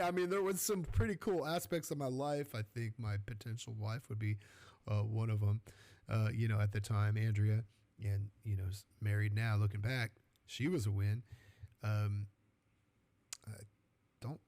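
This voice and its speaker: A middle-aged man from California hosting a podcast, giving an energetic, colloquial motivational faith talk that keeps asking "right?". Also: fairly low pitch, moderate pace. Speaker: podcast host.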